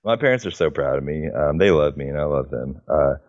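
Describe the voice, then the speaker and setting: A man's voice: very deep voice, lively intonation, fairly quick, highs cut off. A man chatting casually as a podcast guest, rambling with lots of fillers and restarts. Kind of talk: casual conversation.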